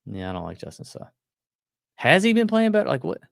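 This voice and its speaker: A man co-hosting a golf betting podcast, talking in a quick, loose, joking way. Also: a little high, huge pitch swings, creaky, no echo, studio quality. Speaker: podcast co-host. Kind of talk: casual golf betting chat.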